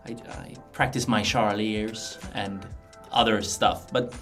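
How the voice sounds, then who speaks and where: A man's voice: fairly low pitch, fairly even intonation, slow, a bit bright, soft background music. A man with a Swedish accent, a guest chatting casually on a livestream, hesitant and often repeating his words. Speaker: guest playing card designer.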